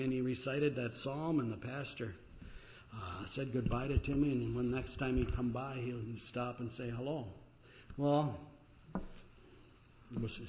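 A man preaching a sermon as pastor, earnest, with many fillers, slowing and lifting his voice when he quotes scripture. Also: mid-range voice, muffled recording.

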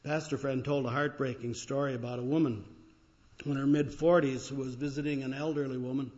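A man preaching a sermon as a pastor, telling stories in an unhurried, reflective way with pauses and fillers. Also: medium pitch, fairly even intonation, darkish tone. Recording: dull lo-fi recording.

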